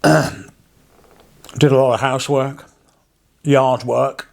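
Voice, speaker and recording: A man's voice: medium pitch, flat delivery, very slow, creaky. A man from England, a parson vlogging, talking in a wry, digressive way with chuckling asides. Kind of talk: casual rambling vlog monologue.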